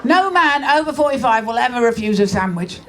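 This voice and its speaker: A woman's voice: on the high side, animated, brisk, a bit bright, slight background noise. A middle-aged woman performing a stand-up comedy routine in a brash, conversational, mock-exasperated way on a club stage. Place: comedy club stage before a laughing audience.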